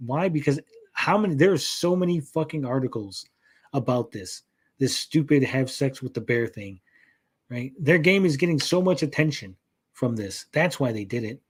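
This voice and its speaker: This gaming news chat comes from a male podcast host whose mid-range voice is expressive, slightly breathy, and normally paced. Rambling along with many fillers and repeated words, he responds to chat and curses casually.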